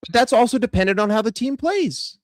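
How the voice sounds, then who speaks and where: A young man ranting casually about football in a vlog, swearing freely and talking in a chatty, animated way. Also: very high-pitched, a little fast, dry recording, clean studio sound. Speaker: football vlogger.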